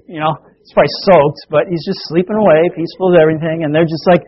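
A man preaching a sermon, telling a Bible story with animated delivery and acting out the voices of the people in it. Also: on the high side, fast, husky, highs cut off. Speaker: pastor.

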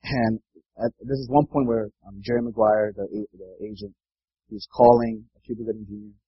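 Man, preacher, sermon, husky, earnest, dull dry lo-fi recording. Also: lowish voice, steady tone, normal speed, dry recording. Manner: earnest, repeats words, asks "right?".

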